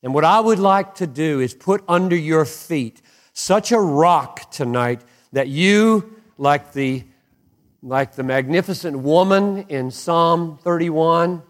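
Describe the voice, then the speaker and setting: A man delivers a sermon, slow and deliberate, with a fairly high voice. He sinks to near whispers, then surges upward to fervent, emphatic peaks. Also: animated. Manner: impassioned, swings from hushed to soaring emphatic peaks. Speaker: pastor.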